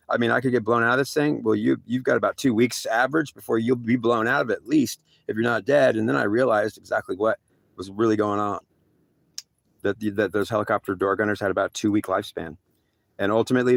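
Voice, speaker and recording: A man telling a first-person story in a rambling, halting way, full of restarts and acted-out exchanges. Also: lowish voice, creaky, no echo. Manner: halting, repetitive, many restarts; acts out other people's voices in quick back-and-forth.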